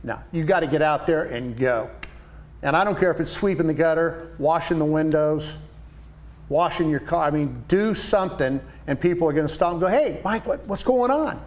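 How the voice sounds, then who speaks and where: A man's voice: fairly high pitch, moderate pace. Upbeat older man telling stories. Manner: enthusiastic storyteller, animated quoted voices. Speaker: painting business owner, guest. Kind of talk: casual interview chat.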